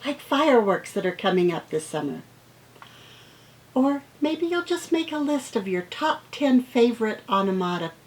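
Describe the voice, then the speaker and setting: A middle-aged woman teacher reading picture books aloud to children, acting out the sound words with animated expression. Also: medium pitch, rough recording. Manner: slow, gentle pace.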